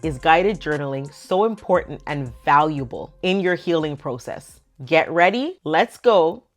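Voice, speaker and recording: A woman's voice: sits low, lively intonation, unhurried, faint music behind. A woman hosting a podcast interview, upbeat and welcoming as she introduces her guest. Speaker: podcast host.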